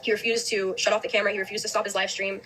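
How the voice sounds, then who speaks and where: A young woman recounts a story at a quick clip, her voice sitting in a middle range. She fills her sentences with "like" and restarts often. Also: medium pitch, little pitch movement, fairly bright tone, low-quality recording. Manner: fast, heavy use of "like", restarts. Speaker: host. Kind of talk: emotional storytelling on a podcast.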